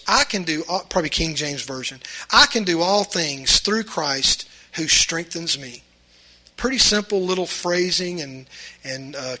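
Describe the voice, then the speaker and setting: Folksy preacher, high bright voice. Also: male voice. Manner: earnest, folksy, with repeated restarts. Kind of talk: sermon.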